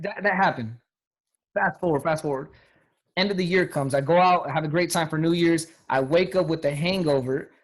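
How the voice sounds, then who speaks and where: A man in his thirties telling a motivational life story, energetic and repetitive, often acting out what others said. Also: a little high. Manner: energetic, repetitive, quotes people in acted voices. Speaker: guest speaker.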